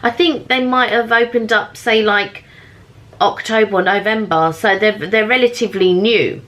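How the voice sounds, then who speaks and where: A woman's voice: mid-range voice, moderate pace, a bit bright. A woman co-hosting a food vlog, chatting casually as she describes the pastries. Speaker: vlog co-host. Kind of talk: casual chat.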